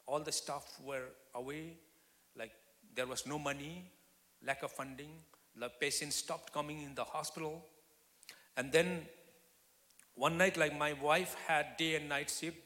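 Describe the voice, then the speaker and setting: Man, guest preacher, bright forceful tone, testimony sermon swinging between loud and whispered, church hall reverb. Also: fairly high pitch, fairly even intonation, a little slow. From Nepal. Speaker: guest speaker.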